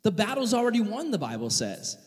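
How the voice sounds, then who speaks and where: A young man preaching with a lively, high-pitched voice that climbs and dips as he tells a story. He acts out the voices and yells in sudden bursts. His voice rings with the long reverb of a large hall. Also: a little fast. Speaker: pastor. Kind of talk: sermon with personal story.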